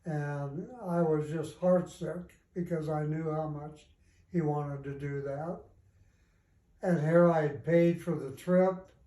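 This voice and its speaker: An older man telling a family story in an unhurried, folksy way over a video call, pausing often with "uh". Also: a little high, mellow. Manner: unhurried, folksy, with many "uh" pauses. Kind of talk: casual storytelling. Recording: echoey room on a video call.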